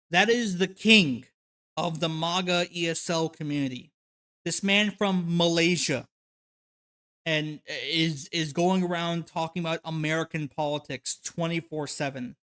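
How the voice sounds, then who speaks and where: A man hosting a livestream, reacting to videos with rapid, profane, exasperated commentary. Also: fairly high pitch, a bit bright.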